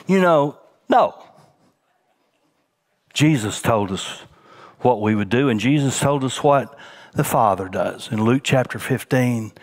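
A middle-aged male senior pastor preaching a sermon, swinging from emphatic raised lines to soft, hushed ones. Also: medium pitch.

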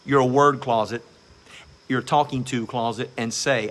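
A man's voice: mid-range voice, fairly even intonation, a little slow, fairly bright tone. A man preaching a sermon as pastor, emphatic and exhorting, repeating phrases for stress.

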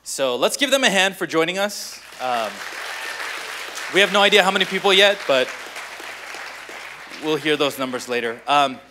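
A man, a youth pastor, welcoming a conference audience and introducing the first speaker in a relaxed, friendly way with frequent fillers. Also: a little high, moderate pace, pauses often, crowd noise, noisy background. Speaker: youth pastor and event host. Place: large church hall.

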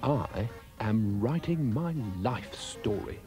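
A man's voice: on the low side, sing-song, moderate pace, over music. A man voicing a pompous, self-important male dog who muses loftily about writing his memoirs. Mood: lofty. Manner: lofty, self-satisfied musing.

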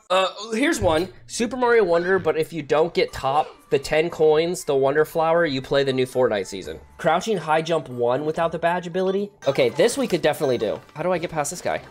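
Excitable young man yelling over gameplay. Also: fairly quick, few pauses, soft background music. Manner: excitable, yelps high when frustrated, laughs often. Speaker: gaming YouTuber. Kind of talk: casual multiplayer gameplay commentary.

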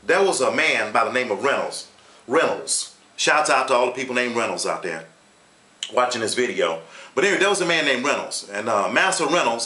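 A man's voice: mid-range voice, sharp tone, echoey room. A man hosting his own online channel, telling a history story in a casual, emphatic way and repeating points for effect. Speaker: YouTube host.

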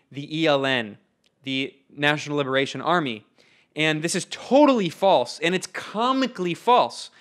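A young man delivers a political talk with an emphatic, sardonic edge. His voice sits a little high for a man. He breaks off and restarts phrases as he goes. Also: fairly bright tone. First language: English. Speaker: invited speaker.

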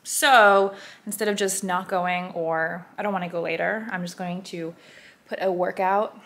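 A woman's voice: mid-range voice, fairly bright tone. Chatty young woman in a roomy room. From United States. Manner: chatty, rambling, self-deprecating asides. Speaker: lifestyle vlogger. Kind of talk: casual vlog chat. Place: home room in Texas. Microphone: camera on a tripod.

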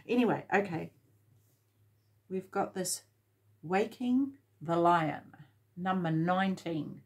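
A woman giving a tarot reading at an unhurried pace. She urges the listener on and repeats her points, addressing them directly. Her voice sits a little low for a woman. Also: vocal fry, a little mellow. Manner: encouraging, repetitive, direct address. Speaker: tarot reader.

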